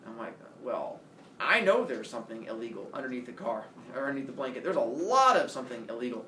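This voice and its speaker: A man's voice: medium pitch, fast, a little hiss or hum. A man casually telling a personal story, acting out the voices of the people in it. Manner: animated storytelling, acts out quoted voices. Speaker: storyteller host. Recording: roomy echo, distant from the mic, faint ambience.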